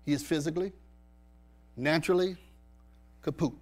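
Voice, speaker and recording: A man's voice: on the high side, normal speed, darkish tone. A male pastor preaching a sermon in a church, pressing the congregation with rhetorical questions and emphatic repetition.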